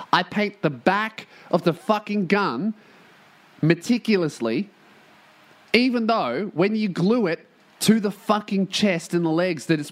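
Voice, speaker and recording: A man's voice: on the high side, fairly bright tone. A man hosting his own podcast, rambling casually and profanely with self-mocking jokes, recorded in a room at a shared workplace. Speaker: podcast host.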